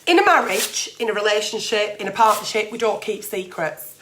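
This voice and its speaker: A woman's voice: mid-range voice, expressive, a little fast, a bit bright, a little hiss or hum. Blunt, sweary woman. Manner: blunt, sweary, plain-spoken; chatty, reads letters aloud then answers. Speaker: agony aunt livestream host. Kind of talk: casual advice livestream.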